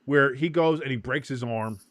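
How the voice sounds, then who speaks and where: An excitable man runs a live sports watch-along, casually commenting on the game as he swings from loud play calls to muttered asides, cursing here and there. His mid-range voice moves at normal speed, with no room sound.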